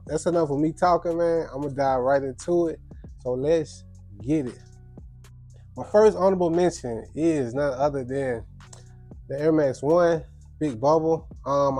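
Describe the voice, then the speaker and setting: A man's voice: mid-range voice, dark tone. Congested laid-back young man vlogging. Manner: laid-back slangy chatter. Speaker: sneaker vlogger. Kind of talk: casual video recap.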